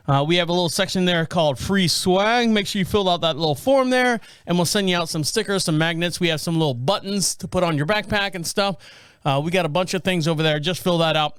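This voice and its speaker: A middle-aged man with a high, smooth voice hosts his podcast and tells a long everyday story in a loose, rambling way. He acts out the people he met along the way. The sound is close and dry, with no room in it. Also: fairly bright tone, no echo. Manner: rambling anecdotal delivery, acts out quoted people. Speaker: podcast host. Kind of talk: casual storytelling monologue.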